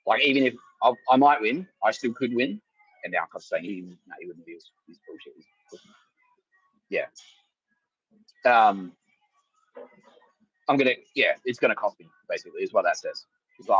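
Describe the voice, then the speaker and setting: Man, comedy podcast host, husky voice, lively swooping pitch, rambling and laughing. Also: moderate pace, pauses often, no echo, muffled recording. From Australia. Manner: rambling, laughing, swearing, acting out quotes loudly. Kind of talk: casual comedic storytelling.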